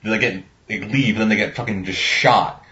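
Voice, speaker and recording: A man's voice: lowish voice, steady tone, moderate pace, pushed and bright. Rambling, swearing man, lo-fi sound. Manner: rambling, swears a lot, acts out quotes. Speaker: podcast co-host. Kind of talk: casual movie review chat. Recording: dull lo-fi sound.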